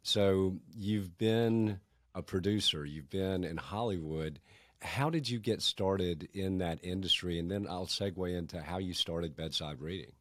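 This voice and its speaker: A man's voice: low-pitched, measured pace, a bit bright, dry recording, studio quality. A man hosting a podcast interview, asking questions in an admiring, chatty way. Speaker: podcast host.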